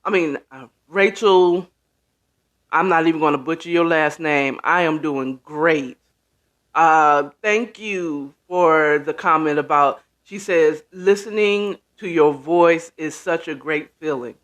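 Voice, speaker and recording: Man, casual live-stream host, high voice, unhurried delivery, greets viewers by name. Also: a bit bright. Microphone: camera setup with ring light.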